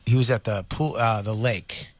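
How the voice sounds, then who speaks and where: A man's voice: on the low side, fairly even intonation, normal speed. A man co-hosting a casual comedy talk show, bluntly telling stories about his son and swearing freely. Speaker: co-host.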